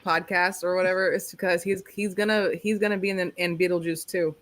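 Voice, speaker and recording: A podcast co-host with a bright, sharp-edged voice in casual chat over a video call. The talk comes in hesitant starts and restarts. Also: medium pitch, little pitch movement, a little fast.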